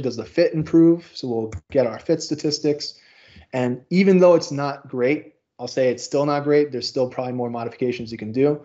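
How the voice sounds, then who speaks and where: A man's voice: medium pitch, a little mellow, lo-fi sound. A male instructor giving a casual, explanatory recorded lecture walkthrough with informal asides.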